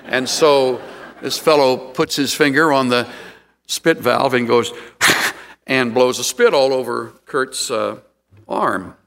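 A middle-aged man preaching a sermon, telling stories with sudden jumps in pitch. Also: takes it slowly, gravelly, a bit bright, big-room sound. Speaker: pastor.

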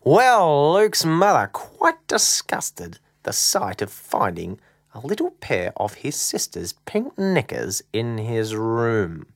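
A woman narrating a children's story, with dramatic pauses and dips into a whisper. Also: very deep voice, huge pitch swings. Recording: soft guitar music behind.

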